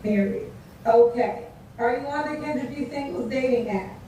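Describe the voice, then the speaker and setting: A woman's voice: a little high, normal speed, warm tone. A woman hosting a dating show, chatty and sassy as she interviews a guest. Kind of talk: upbeat live interview. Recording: echoey, distant, faint noise.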